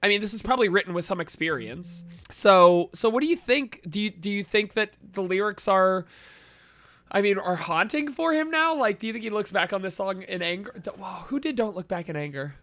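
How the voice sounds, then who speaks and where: A woman's voice: mid-range voice, animated, brisk, fairly bright tone. A tipsy woman co-hosting a casual podcast, asking questions with frequent giggles. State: tipsy from shots. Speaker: podcast co-host. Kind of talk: casual chat.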